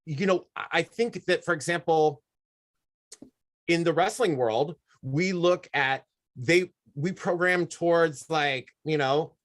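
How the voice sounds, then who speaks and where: A man as a guest in a casual interview, talking in long, animated, reflective stretches. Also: a little high, slow. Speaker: guest, wrestling manager and drag performer.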